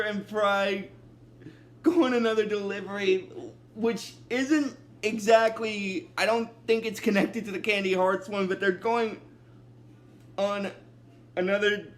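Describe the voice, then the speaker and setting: Man, high voice, casual episode recap, rambling, leans on "basically", laughs easily. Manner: breaks into laughter.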